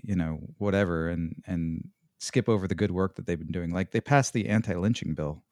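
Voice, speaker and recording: A man co-hosting a podcast in casual chat, halting and searching for words, with dry jokes. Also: sits low, a little mellow, no echo. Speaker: podcast co-host.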